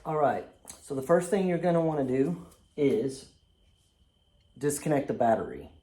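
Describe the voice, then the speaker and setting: A DIY car mechanic host with a warm, mid-range voice casually narrates a repair step by step as he works. He is very animated and speaks at a moderate pace, making self-deprecating jokes along the way, with faint music in the background.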